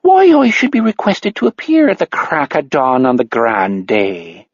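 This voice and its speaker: A woman's voice: very deep voice, huge pitch swings, unhurried, slightly rough, no room sound, highs cut off, pitched above the performer's own voice, heavily acted. A man reading an audiobook voices a sly young woman secretary putting on a fake Irish brogue. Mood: mock-Irish teasing.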